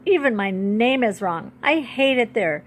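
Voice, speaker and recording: A young Ojibwe girl, upset and defiant, pleads in a high, tearful voice, as a woman reads her aloud from a storybook. The delivery is raised and urgent. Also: expressive, a little slow, a little hiss or hum. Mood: upset pleading.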